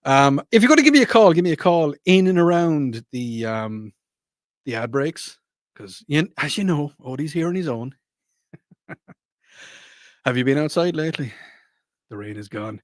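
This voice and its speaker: A man hosts a radio talk show from the studio, talking in a loose, rambling way that circles back and repeats itself. His voice sits a little high for a man. The sound is close and dry, with no room in it. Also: animated, measured pace, pauses often, dry recording. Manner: rambling and chatty, repeats himself and apologizes. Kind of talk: casual radio chat.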